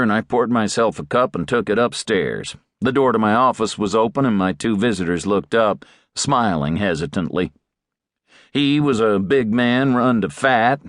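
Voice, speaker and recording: Low-voiced wry male audiobook narrator. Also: a bit bright, no room sound, studio quality. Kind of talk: first-person audiobook narration.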